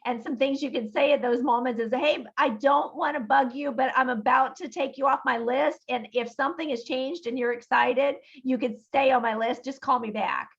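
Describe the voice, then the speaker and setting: Woman, team leader, encouraging coach, slightly high voice, dull call audio. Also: fairly even intonation, normal speed, vocal fry, few pauses. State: froggy voice earlier today. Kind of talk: motivational business call.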